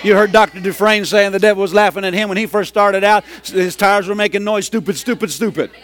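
A middle-aged man preaching a sermon, telling a story and rising into loud, excited hollering. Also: sits high, a little fast, a little hiss or hum. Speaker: pastor.

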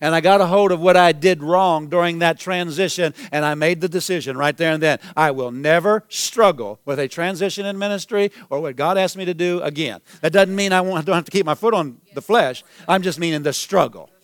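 A man preaching a sermon as pastor, emphatic and repetitive, building to shouted declarations. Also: a little high, a little fast, few pauses, smooth, no echo, studio quality. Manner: emphatic preaching, repeats phrases, rises to shouts.

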